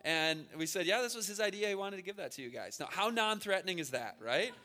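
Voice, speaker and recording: Man, 30s, chatty seminar preacher, bright tone. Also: sits high, expressive, fast talker. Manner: conversational, repeats words, asks "right?". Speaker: speaker at a church family seminar. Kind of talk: informal sermon with stories.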